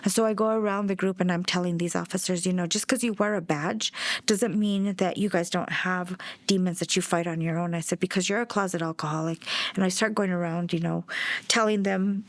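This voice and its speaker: A woman's voice: on the low side, steady tone, fairly quick, no echo. Middle-aged mother, documentary interviewee; direct, blunt, speaks her mind. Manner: blunt and outspoken. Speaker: bereaved mother.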